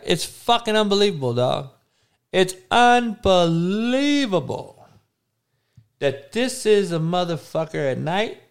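A man's voice: high-pitched, clear, resonant tone. A man hosting a podcast, delivering a crude, mocking, heated rant full of swearing. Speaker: podcast host. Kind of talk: crude ranting commentary.

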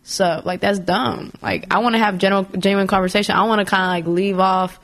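A woman's voice: mid-range voice, steady tone, fast, fairly bright tone. A woman poet, a podcast guest who rambles casually, full of "like" and giggles. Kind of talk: casual interview chat.

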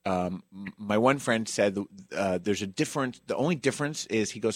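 A man's voice: fairly low pitch, animated, moderate pace, dry recording, clean studio sound. A man hosting a podcast, telling a story casually with chatty asides. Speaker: podcast host.

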